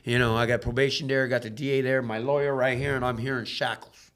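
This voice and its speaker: A man telling his life story as a podcast guest in casual, animated storytelling, swearing freely and acting out the voices of the people in his story. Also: fast talker. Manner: drops low and quiet on emotional moments.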